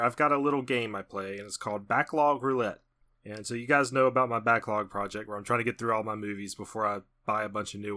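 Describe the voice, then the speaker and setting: A man's voice: medium pitch, pushed and bright. A man hosting a podcast, chatting upbeat and laughing easily. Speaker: podcast host. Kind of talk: casual chat.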